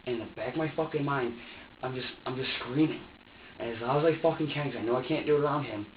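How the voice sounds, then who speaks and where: A man's voice: mid-range voice, quick pace, a little hiss or hum. A young man in a police interrogation room, heavy with swearing as he re-enacts heated arguments, caught on a distant security camera mic. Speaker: interrogation subject. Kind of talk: agitated personal account. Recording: echoey, distant, dull security recording.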